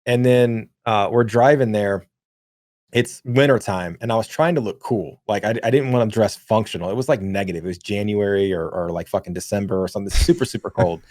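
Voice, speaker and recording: Give me a podcast co-host in his thirties, a lower-voiced man telling a rambling, profane story over a dry mic. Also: a little fast, a little mellow, dry recording. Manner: rambling, profane, many fillers. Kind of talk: casual storytelling.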